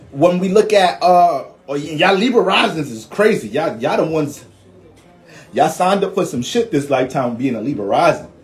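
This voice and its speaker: Animated, profane young man explaining astrology. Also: a little high. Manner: animated, profane, slangy, laughs often. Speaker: astrology reader. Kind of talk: casual livestream teaching.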